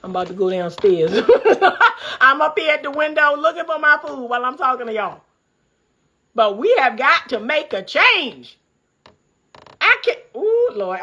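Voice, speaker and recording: Woman, high voice, bright tone, fired-up preachy commentary, laughing often. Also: dull audio. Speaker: relationship coach. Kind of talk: casual commentary vlog. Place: upstairs room by a window at home.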